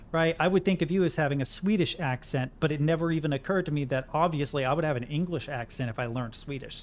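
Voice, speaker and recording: A young man streaming a game, musing aloud in a rambling, casual way and swearing now and then. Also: a little high. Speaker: gaming streamer. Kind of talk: casual gaming commentary.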